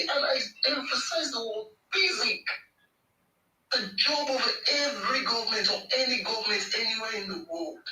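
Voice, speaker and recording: Fiery Nigerian man, bright distant voice. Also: sits high, roomy sound. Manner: emphatic, repeats phrases for effect. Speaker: speaker on a live audio space. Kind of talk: impassioned political speech.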